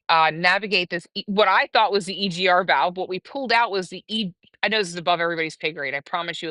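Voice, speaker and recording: Bright chatty woman streamer. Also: mid-range voice, no echo. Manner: chatty, animated storytelling with laughs. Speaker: livestream host. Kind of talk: casual livestream chat.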